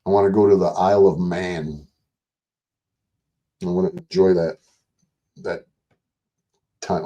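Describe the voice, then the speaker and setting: A man's voice: sits low, lively intonation, a little slow, gravelly, pauses often, mellow. An older man hosting a livestream, rambling casually and profanely while reading and answering chat messages. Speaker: livestream host.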